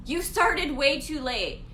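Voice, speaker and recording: A woman's voice: high-pitched, takes it slowly, roomy sound, slight background noise. A woman with a Canadian accent, co-hosting a casual live business coaching chat and telling stories with acted-out quotes. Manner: animated storytelling with acted-out quotes. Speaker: co-host.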